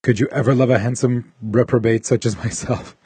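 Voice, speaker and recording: A man's voice: medium pitch, fairly even intonation, brisk, warm tone, slightly rough, dry recording. A man voicing a roguish, dramatic teenage boy from a listener's letter. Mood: earnest.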